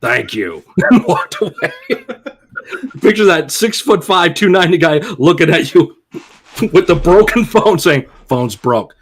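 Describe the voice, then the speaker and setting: A man's voice: high-pitched, measured pace, a little hiss or hum. A man co-hosting a podcast, telling a story in a laid-back, amused way and acting out the lines of the people in it. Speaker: podcast co-host. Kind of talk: casual storytelling chat.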